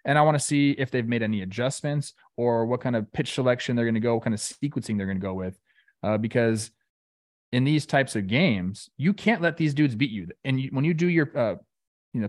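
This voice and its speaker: A man co-hosting a casual baseball talk show, rambling and joking in an animated way. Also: medium pitch, no echo, studio quality. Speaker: baseball analyst and co-host.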